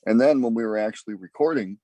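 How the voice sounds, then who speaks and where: An easygoing man chats about his band in an interview. He talks in a relaxed, halting way. His voice is low and the recording is dry. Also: no room sound, low-quality recording. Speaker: band member. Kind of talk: casual interview chat.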